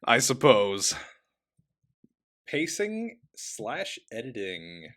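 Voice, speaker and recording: A man's voice: mid-range voice, huge pitch swings, very slow, fairly bright tone. A man co-hosting a movie podcast in casual chat, giving short, dry, teasing replies. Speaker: podcast co-host.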